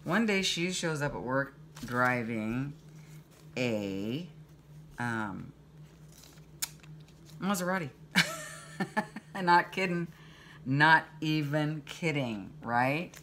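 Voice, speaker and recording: A woman's voice: deep voice, takes it slowly, a little hiss or hum. A woman vlogger casually telling a story to her viewers, chatty and indignant, acting out quoted lines. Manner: chatty, animated retelling with quoted dialogue; exasperated, indignant.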